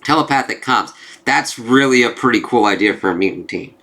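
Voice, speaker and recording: A man's voice: mid-range voice, animated, a little fast, bright, forceful tone. A man reviewing a comic book in a casual, rambling way, swearing often and reading panels aloud.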